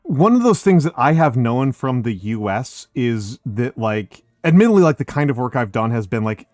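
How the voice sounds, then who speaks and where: American guy rambling on a call, swears a lot, laughs, dry mic, soft music behind. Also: medium pitch, big pitch swings, normal speed, no echo. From United States. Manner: rambling, profane, laughs often. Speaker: streamer. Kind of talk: casual voice-call chat.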